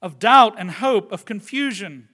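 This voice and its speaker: A man preaching a sermon with earnest delivery, moving from loud, stressed phrases to quiet asides and often turning to the listeners with questions like "right?". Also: sits high, lively intonation, unhurried. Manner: addresses the listeners directly with tag questions. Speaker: pastor.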